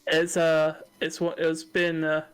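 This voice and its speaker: A man's voice: fairly high pitch, monotone, takes it slowly, fairly bright tone, clear, resonant tone. A young man, co-hosting a casual livestream podcast, chatty, giggly and open about his feelings. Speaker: podcast co-host.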